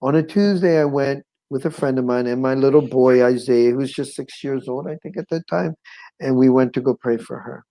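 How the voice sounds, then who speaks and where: A middle-aged man recounting a personal testimony as a guest, his voice sitting at an ordinary mid pitch. He talks in a loose, conversational way, tossing in "you know what I'm saying". He slips into the voices of the people he quotes and chuckles as he goes. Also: fairly quick, rough recording. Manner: animated, acts out quoted voices, chuckles often. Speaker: guest sharing his life story.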